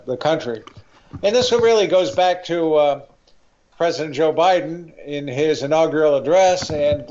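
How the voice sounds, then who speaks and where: A man's voice: fairly high pitch, darkish tone. Older man rambling on talk radio, muffled. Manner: rambling, many fillers and restarts, opinionated. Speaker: guest writer. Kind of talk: political talk radio interview.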